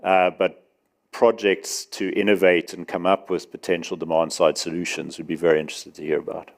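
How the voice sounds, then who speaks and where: Man, very low voice, measured panel speaker taking audience questions. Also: little pitch movement. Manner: measured, explanatory, with some restarts. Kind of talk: conference Q&A.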